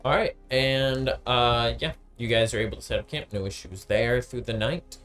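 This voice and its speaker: A man's voice: medium pitch, moderate pace, fairly bright tone, soft background music. A man narrating as game master of a tabletop game, casual and hesitant with many ums and uhs.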